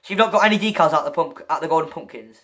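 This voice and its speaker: High-voiced excitable guy. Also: very fast. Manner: excitable, stammering, repeats himself. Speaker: gamer opening loot crates. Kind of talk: excitable gaming commentary, chatting with a friend.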